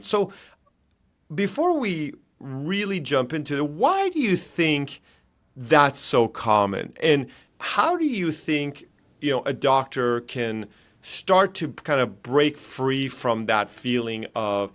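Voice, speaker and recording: A man's voice: medium pitch, very animated, takes it slowly, a bit bright. A man hosting an interview podcast, upbeat and chatty as he asks his guest questions. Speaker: podcast host.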